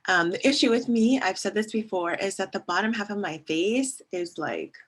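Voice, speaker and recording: A woman in her thirties vlogs a casual face mask review, chatty and prone to digressions, often laughing and reading labels aloud. Her medium-pitched voice is expressive with a breathy edge, at a normal speed.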